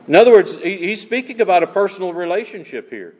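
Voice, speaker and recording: A man's voice: sits high, lively intonation, fast talker, few pauses, a little mellow. A man preaching an expository sermon in an emphatic style, often repeating phrases for stress. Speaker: pastor. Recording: long hall reverb.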